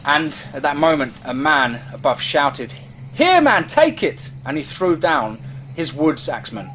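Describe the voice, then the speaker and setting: A man telling a first-person horror story in a tense, vivid way that rises with the chase. His voice sits at a middle pitch. Faint cricket chirps and night ambience linger behind him. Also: fairly bright tone, a little hiss or hum.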